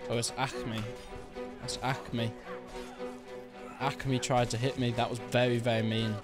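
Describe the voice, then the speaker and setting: A young man giving jokey, excitable commentary while playing a video game. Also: medium pitch, measured pace, pauses often, over music. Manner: excitable, jokey, yelps and laughs at the action. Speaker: gaming YouTuber. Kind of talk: live gameplay commentary.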